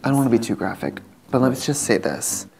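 A man's voice: mid-range voice, very animated, a little fast, gravelly, crowd noise. A man co-hosting a comedy show in campy banter, calling everyone honey and breaking into shrieking laughs.

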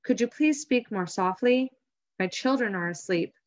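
A woman reading as a quiet, protective mother. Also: fairly high pitch, normal speed, close to an everyday voice. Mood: pleading. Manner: soft, pleading. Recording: dull lo-fi recording.

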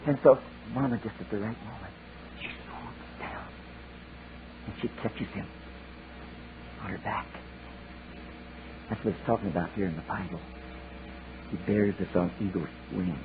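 A man preaching a sermon, telling a story in a folksy, animated way with chatty asides. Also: lowish voice, unhurried, pauses often. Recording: tinny lo-fi sermon tape with hiss.

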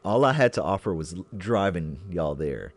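Man co-host, very low voice, casual chat, thoughtful and searching. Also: very animated, normal speed, dry recording. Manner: reflective, searching for words. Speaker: podcast co-host.

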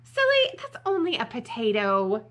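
A woman voicing a bossy young animal friend in a storybook who calls out loudly and chides the others. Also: fairly high pitch, huge pitch swings, slow, very noisy, voice pushed up, full character voice.

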